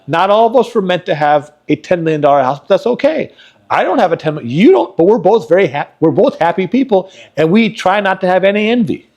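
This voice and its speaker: A man's voice: high voice, animated, brisk, a little mellow. A man co-hosting a podcast, telling personal stories in an earnest, motivational way. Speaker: podcast co-host. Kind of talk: casual podcast chat.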